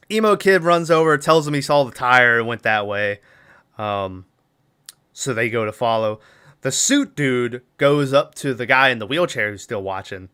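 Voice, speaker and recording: Man, podcast host, bright voice, casual movie recap, acts out lines. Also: medium pitch, clean tone. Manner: animated retelling with laughs, acts out characters' lines.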